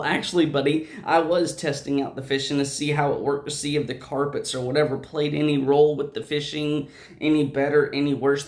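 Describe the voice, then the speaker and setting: A man hosting an unscripted gameplay video, rambling and chatty, stumbling and restarting his sentences a lot. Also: a little high. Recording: roomy echo.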